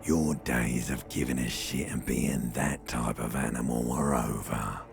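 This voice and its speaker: An actor voicing an ancient reptilian brain in a video game, slow, lulling and intimate, gravelly male voice. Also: extremely low pitch, steady tone, heavily acted. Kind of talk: game voice acting. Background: faint game music.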